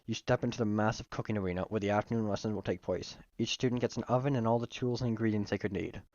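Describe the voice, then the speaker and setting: A man's voice: fairly low pitch, steady tone, fast talker, a little mellow, no echo. Male streamer, reads game text aloud, playful asides, dull lo-fi mic, dry sound. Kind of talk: reading a visual novel aloud with voices.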